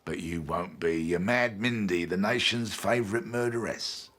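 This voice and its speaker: A man playing a smooth, persuasive showbiz agent in a TV comedy drama. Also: low-pitched, moderate pace, a bit bright.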